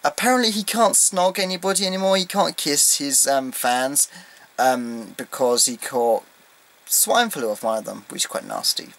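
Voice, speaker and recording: A man in a casual home vlog, recapping a fan event in an excitable, rambling way with lots of ums. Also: medium pitch, normal speed, vocal fry, poor audio. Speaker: vlogger. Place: indoors at home, beside his collection.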